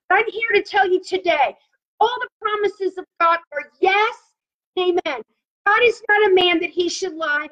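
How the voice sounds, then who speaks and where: Woman preaching hard, really high voice, muffled lo-fi sound. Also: fairly bright tone. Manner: emphatic, repeats phrases for effect. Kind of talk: sermon with prophetic prayer. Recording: muffled lo-fi audio.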